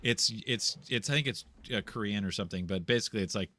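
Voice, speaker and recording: Speaking quickly in a lowish, sharp voice, this guest explains church law over a video call from a home room with a green screen. He's casual and rambling, often restarting sentences and repeating words.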